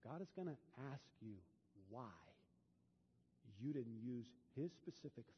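A pastor preaching a sermon in a church, dropping to a hush and then building to loud, fervent peaks. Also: male voice, mid-range voice, lively intonation, measured pace, slight background noise. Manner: swings from hushed to loud and fervent. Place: church sanctuary. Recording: dull, long hall reverb.

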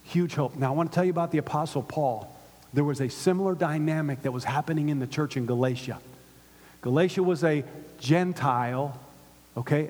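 A man preaching a sermon to his church, with call-and-response and swings from hushed to loud. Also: on the high side, breathy edge. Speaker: pastor. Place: synagogue hall used by a church. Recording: long reverb of a large hall.

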